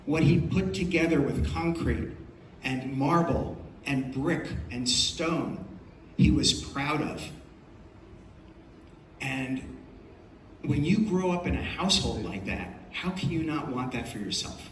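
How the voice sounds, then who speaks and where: A man's voice: medium pitch, expressive, takes it slowly, a little hiss or hum. An older man giving an emphatic, storytelling speech to an audience as a film producer at a festival. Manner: storytelling, emphatic, repeats phrases for effect. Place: large hall at a festival. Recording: echoey hall, voice from far off.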